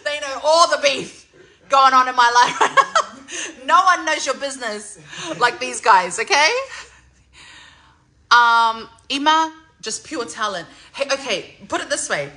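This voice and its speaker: Lady in her 40s, bright animated voice, squealing and laughing in a noisy salon. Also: high voice, measured pace. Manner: giddy, loud, laughing, swearing freely. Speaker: singer. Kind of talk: excited salon vlog chat.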